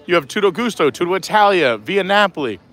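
Live-stream host, man, high and bright, chatty with a quick laugh, out walking the park. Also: expressive. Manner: chatty, laughs often, walking while talking. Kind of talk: casual live-stream vlog chat. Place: outdoors at a theme park.

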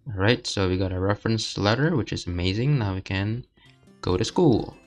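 A man's voice: fairly low pitch, lively intonation, moderate pace, faint music behind. A young man casually commenting while playing a video game, rambling and hesitant with lots of filler words. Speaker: let's play host.

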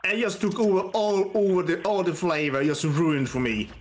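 Casting: high, very lively male voice, chatty co-host, storytelling with faint music behind. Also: moderate pace, slight background noise. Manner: storytelling, animated, digressive. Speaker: co-host on a game stream. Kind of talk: casual chat.

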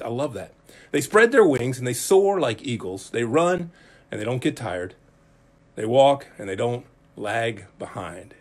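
Animated husky-voiced pastor preaching. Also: male voice, a little high. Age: 40s. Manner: animated, acts out characters and jokes with the room. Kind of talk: Bible study sermon. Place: church.

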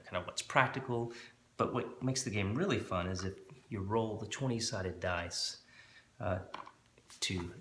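A man and host, explaining a tabletop game in a relaxed, rambling way with many fillers. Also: low-pitched, roomy sound, a little hiss or hum. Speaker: dungeon master and channel host. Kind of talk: casual tutorial explanation. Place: room at home with a board.

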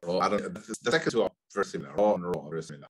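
Fast-talking low-voiced tajweed teacher. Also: male voice, expressive, a crowd in the background, rough recording. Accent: British English. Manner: patient, repeats phrases and models pronunciation slowly. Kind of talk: live recitation coaching.

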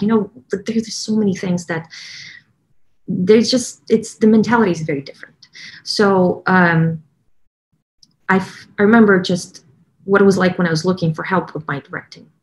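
At normal speed and with fairly even intonation, a woman with a fairly low voice and a Russian accent chats casually about the training program she runs as a choir director. She often uses fillers and starts over.

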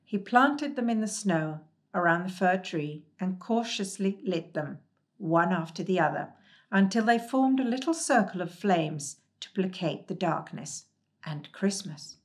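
A woman reading a storybook aloud in a gentle, calm and measured way. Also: on the low side.

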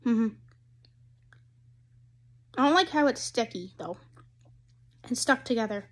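A young woman with a fairly high voice chats casually in a taste-test vlog, rambling and giggly. She sounds slightly hoarse, as if losing her voice, talking indoors at home. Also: expressive, slow pace. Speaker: vlogger.

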